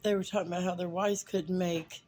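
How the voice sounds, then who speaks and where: A woman's voice: on the low side, fairly even intonation, fairly quick, a little mellow, soft background music, poor audio. A woman in her fifties telling a funny personal story in a chatty way, with fillers and acted-out quotes. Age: 50s. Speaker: vlogger.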